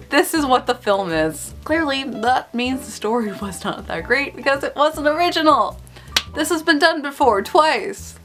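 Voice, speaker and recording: A woman's voice: fairly high pitch, fairly bright tone. A woman hosting a casual film review vlog, opinionated and nitpicking, often laughing between points.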